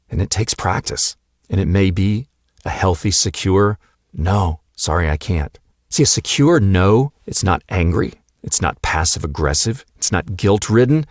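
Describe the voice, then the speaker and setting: A man hosting a podcast for husbands, speaking in a calm, measured, earnest monologue that builds lists of short repeated phrases. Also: low-pitched, dry recording, clean studio sound. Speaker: podcast host, coach for husbands.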